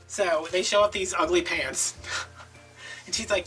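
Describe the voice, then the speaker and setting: A man telling a casual story as a crafting video host, animated and gossipy, acting out other people's voices as he goes. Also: high-pitched, slow pace, long pauses. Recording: distant mic with faint background music.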